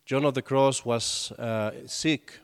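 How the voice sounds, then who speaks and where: A man's voice: mid-range voice, steady tone, slow, clear, resonant tone. A man, a priest, giving a conversational sermon and telling stories with acted quotes. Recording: long hall reverb.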